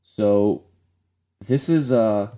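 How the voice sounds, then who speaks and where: A man's voice: fairly low pitch, drawn-out words, warm tone. A man co-hosting a casual gaming podcast, rambling with many fillers and restarts. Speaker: podcast co-host.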